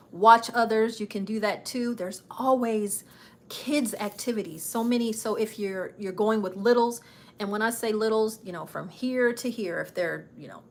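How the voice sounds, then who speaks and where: A woman hosting a travel channel live stream, chatting casually and enthusiastically with frequent fillers while seated in front of the camera. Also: medium pitch. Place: indoors, seated before the camera.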